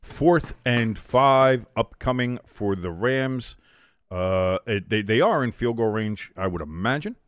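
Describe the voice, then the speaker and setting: A man hosting a live game watch-along, calling plays and chatting with loud, profane tangents. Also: medium pitch, slow pace, no room sound, studio quality. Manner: animated play-by-play mixed with profane rants. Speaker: host.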